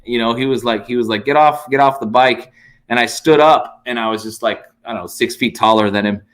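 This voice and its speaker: A podcast guest who does comedy, this American man speaks at medium pitch and a fairly quick pace while recounting a story in casual chat. He acts out both sides of the conversation, animated and full of profanity.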